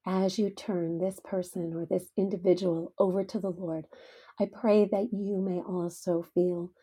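A middle-aged woman hosts a devotional podcast, speaking very slowly and earnestly. Her voice is low, mellow and a little husky, with a heartfelt storytelling manner. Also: little pitch movement. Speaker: podcast host.

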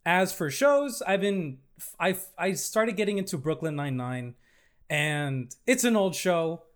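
Lively high-voiced man in casual chat. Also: a little slow. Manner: animated, swears casually. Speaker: podcast guest.

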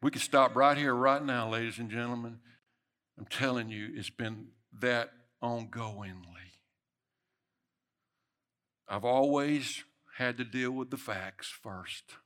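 A middle-aged man preaching a sermon, swinging between loud emphatic bursts and soft murmured lines. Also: medium pitch, slow, long pauses.

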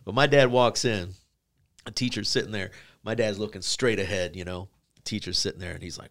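A man co-hosts a casual business interview show in a somewhat low voice. He tells anecdotes in a lively way and acts out each person he quotes. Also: a little fast. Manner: lively storyteller who acts out the people he quotes. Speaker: podcast co-host.

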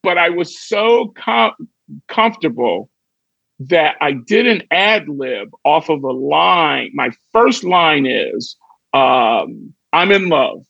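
A man's voice: fairly high pitch, takes it slowly, vocal fry, dry recording, highs cut off. A middle-aged man from Chicago, a comedian guest on a podcast, telling a backstage story and acting out the quoted dialogue. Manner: lively anecdote teller who acts out quoted dialogue.

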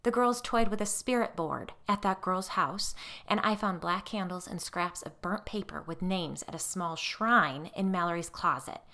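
A woman's voice: medium pitch, lively intonation, moderate pace, fairly bright tone, voice pushed up. A woman voicing a defensive, anxious middle-aged mother in a story reading. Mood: tense.

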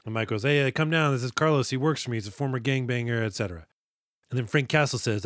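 A man in a casual movie podcast, talking with a sarcastic, profane edge. He breaks into quick impressions of characters. His voice sits mid-range and is recorded dry, with no room sound. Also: mid-range voice, no room sound. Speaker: podcast co-host. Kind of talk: casual movie-review chat.

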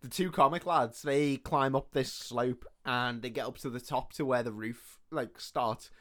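A podcast co-host with a mid-range voice recaps a film plot at an unhurried pace. His chat is casual and sweary, and he acts out the characters' lines in quoted voices.

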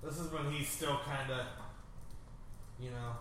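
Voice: mid-range voice, steady tone, a little slow, a bit bright, reverberant, a little hiss or hum. A playful co-host chatting through a casual movie commentary, laughing often. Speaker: podcast co-host.

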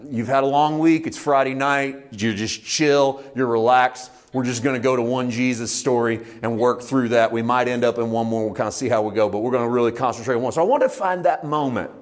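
A man preaching a conversational sermon, animated, swinging between loud excited bursts and quiet low asides.

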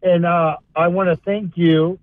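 A man with a Southern US accent, from Florida, calling in to a radio show and talking haltingly with many fillers. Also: high-pitched, flat delivery, dry recording. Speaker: caller. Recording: tinny dry phone line.

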